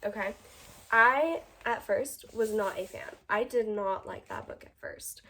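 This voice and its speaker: A woman's voice: medium pitch, fairly bright tone, slight background noise. A young woman, a teacher, chatting casually about her book haul in a gushing, chatty way with lots of ums and likes, at home under a ring light.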